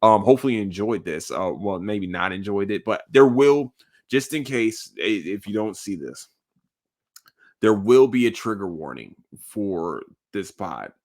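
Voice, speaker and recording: A young man hosts a solo podcast. His voice sits on the low side, and he talks in a heated, rambling stream, restarting sentences and leaning on slang. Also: animated, a little slow, a little mellow. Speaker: podcast host. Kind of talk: casual solo podcast monologue.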